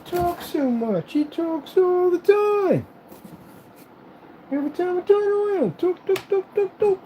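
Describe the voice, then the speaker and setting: A man putting on the voice of a whiny, mocking critic, speaking slowly and sneeringly. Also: extremely high pitch, lively intonation, warm tone, slight background noise, voice pushed up, exaggerated voice, rough recording. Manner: drawn-out, sneering, slow. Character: whiny mocking critic, high nasal complainer.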